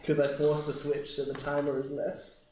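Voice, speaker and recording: A man's voice: fairly high pitch, completely flat delivery, moderate pace, dark tone. A man playing a tabletop game in casual chat, talking easily and laughing often. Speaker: player. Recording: echoey room from far off, noisy.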